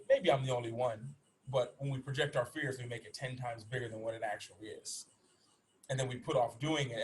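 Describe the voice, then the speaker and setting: A man in his thirties speaks quickly and earnestly, sharing a personal story with a group he is coaching. His pitch sits in an ordinary middle range, and he often restarts his sentences. A faint room ambience sits behind his voice. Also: a little hiss or hum, low-quality recording. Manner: earnest, rapid, with many restarts. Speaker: motivational speaker and former athlete. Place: in Bali.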